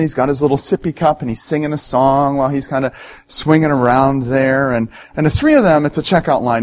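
A man's voice: fairly high pitch, a little hiss or hum. A middle-aged man, a pastor giving a sermon in a conversational, storytelling way and speaking directly to his listeners.

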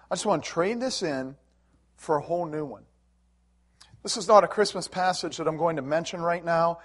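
A middle-aged man preaching a sermon in an earnest, emotional way, with swells of emphasis. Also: a little high. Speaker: pastor.

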